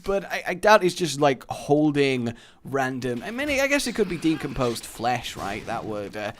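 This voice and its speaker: A young gaming commentator does joking let's play commentary, talking back to the game characters as he plays. His mid-range voice moves at normal speed with lively swings in loudness, over a little hiss or hum.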